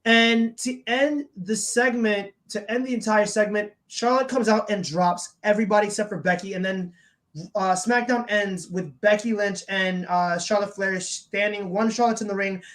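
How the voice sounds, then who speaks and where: Woman co-host chatting about wrestling, lively, keeps acting out quotes. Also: medium pitch, normal speed. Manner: animated, retells scenes by acting out quotes. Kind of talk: casual chat.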